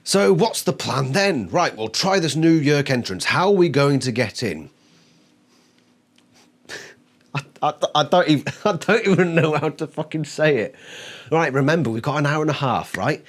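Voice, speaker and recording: A man's voice: a little high, expressive, normal speed. A man reviewing a book on camera, exasperated and swearing constantly, mocking the characters by acting out their lines. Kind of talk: ranting video review.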